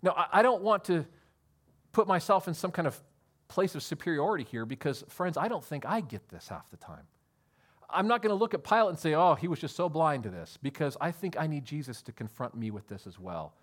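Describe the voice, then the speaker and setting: High, lively-voiced preaching man. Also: brisk. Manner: earnest, emphatic, addresses listeners as friends. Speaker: pastor. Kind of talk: sermon.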